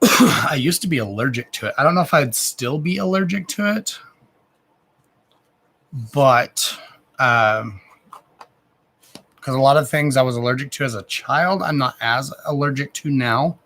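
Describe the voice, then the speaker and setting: A man's voice: medium pitch, expressive, a little slow, pauses often, a bit bright. Guy in his 30s rambling on a live stream between card readings, loose and chatty, cusses a lot. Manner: chatty, rambling, swears freely. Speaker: livestream card reader. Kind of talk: casual live-stream chat.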